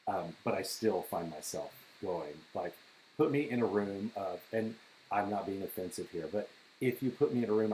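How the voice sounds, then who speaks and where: A man's voice: lowish voice, darkish tone, slight background noise, rough recording. A middle-aged man chatting on a podcast, an enthusiastic storyteller who repeats words as he starts his sentences. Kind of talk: casual podcast chat.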